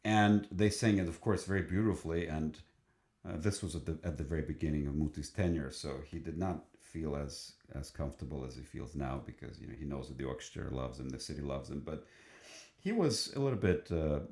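A choral singer with an extremely low, slightly mellow voice, heard in a roomy space. He tells an enthusiastic story in conversation, but his delivery is halting, full of fillers and restarted sentences.

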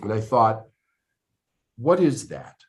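A man's voice: medium pitch, expressive, slow. A middle-aged man from the United States, a business coach and podcast guest, earnestly recounting his life story in conversation, emphatic and given to repeating words as he builds up.

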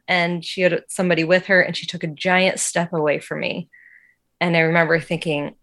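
A woman with a slightly low voice tells a personal faith testimony in an interview. She talks casually and earnestly, with many "like" fillers. Her delivery is emotional and open. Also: level tone, a little fast, a bit bright. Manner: casual, heavy use of "like" fillers. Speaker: interview guest.

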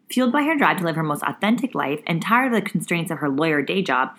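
A woman's voice: on the low side, fairly bright tone. A woman hosting a podcast in casual, playful chat, laughing often and speaking bluntly. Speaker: podcast host.

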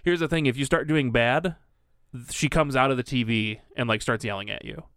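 A man co-hosting a podcast, walking through a video game with playful deadpan jokes. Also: medium pitch, a little fast, smooth, no echo, clean studio sound. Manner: playful, deadpan joking while recounting a game. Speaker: podcast co-host. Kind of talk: casual chat.

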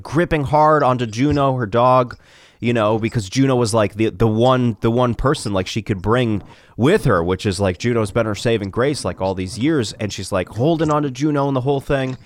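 A man hosting a podcast, telling stories in casual chat with lots of swearing and laughs. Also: mid-range voice. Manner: animated storyteller, frequent swearing and laughter. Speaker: podcast host.

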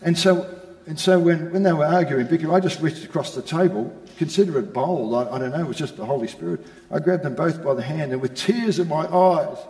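A man's voice: on the high side, brisk, darkish tone. An older man preaching, telling a personal testimony and rising into emphatic exhortation. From Australia. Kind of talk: sermon testimony. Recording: echoey hall.

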